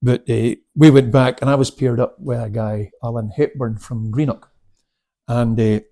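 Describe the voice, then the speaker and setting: Gravelly, husky older man telling stories. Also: medium pitch, steady tone, normal speed, warm tone. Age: 70s. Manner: chatty, laughing, many restarts and fillers. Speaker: guest, karate instructor. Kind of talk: casual storytelling interview.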